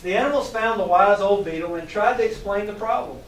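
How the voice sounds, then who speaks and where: Brisk and high-voiced, a man reads a picture book to children, animatedly asking them questions and chuckling as he goes. He's a teacher trainer, and the recording carries a little hiss or hum, faint ambience, and an echoey, distant-mic sound.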